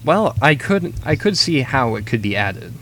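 A man's voice: medium pitch, very animated, moderate pace, pushed and bright. Opinionated male podcast co-host. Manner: opinionated, thinks aloud. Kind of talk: casual podcast chat.

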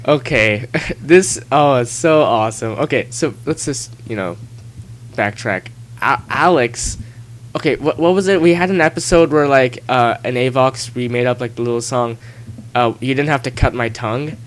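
A man hosting a casual podcast chat, talking in halting bursts with frequent restarts and laughs. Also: mid-range voice. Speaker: podcast host.

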